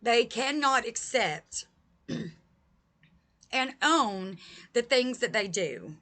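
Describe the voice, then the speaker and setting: Woman vlogging to the camera, kinda high voice, heated and emphatic, talking right to her viewers. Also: animated, very slow, pushed and bright. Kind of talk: direct-to-camera vlog talk.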